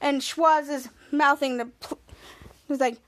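With a high, slightly bright voice and fairly even intonation, this podcast host keeps a measured pace. She recaps a TV episode casually, in a rambling, run-on style full of restarts, quoting characters in a raised voice.

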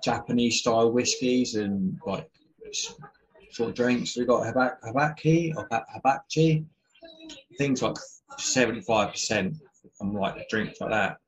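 A man's voice: mid-range voice, measured pace, rough recording. A British man, a podcast guest, chatting casually and rambling from one tangent to the next with frequent chuckles. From United Kingdom. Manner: rambling, drifts between tangents, chuckles often. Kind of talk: casual chat.

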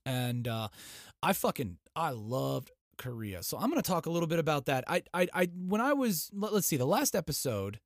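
A young man hosting a podcast, ranting in a profane, mocking way that swings from loud outbursts to low muttering. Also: sing-song, moderate pace, dry recording, clean studio sound. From United States. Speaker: podcast host. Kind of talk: profane comedic rant.

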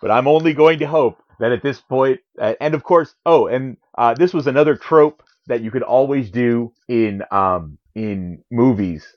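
A man casually recapping a comic in a rambling, animated way, full of fillers, on a dull lo-fi recording. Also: mid-range voice, moderate pace, hardly any pauses. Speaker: podcast co-host.

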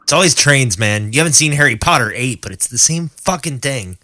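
A man co-hosting a casual movie podcast, tossing out deadpan joke lines and swearing freely. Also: mid-range voice, a little fast. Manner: jokey, deadpan one-liners, swears. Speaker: podcast co-host. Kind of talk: casual movie review chat.

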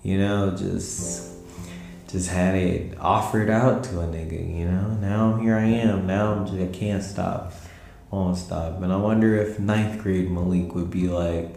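A tired young man hosts his podcast late at night from home, drifting through slangy, laid-back talk. His voice sits very low, with a dark, mellow tone and a gravelly edge. The room adds a clear echo. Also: fairly even intonation, measured pace. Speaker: podcast host. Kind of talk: casual late-night monologue. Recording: roomy echo with faint music.

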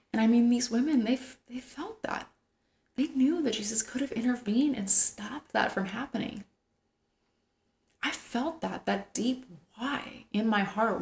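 A woman giving a devotional Bible teaching, earnest and tender, sometimes dropping to a soft whisper for emphasis. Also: a little high, vocal fry, roomy sound.

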